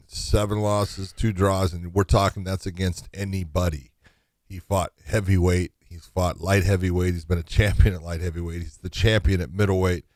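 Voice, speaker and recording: Low-voiced guy on a podcast, blunt, swears a lot, dry close sound. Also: no room sound. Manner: emphatic, blunt, swears freely. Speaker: podcast co-host. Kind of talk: casual podcast chat.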